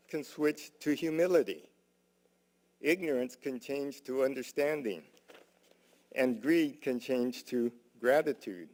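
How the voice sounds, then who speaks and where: Man, gravelly, soft-spoken, folksy sermon storytelling. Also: a little high. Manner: folksy, many "uh" and "you know", soft-spoken. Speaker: minister giving a Dharma talk. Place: temple hall.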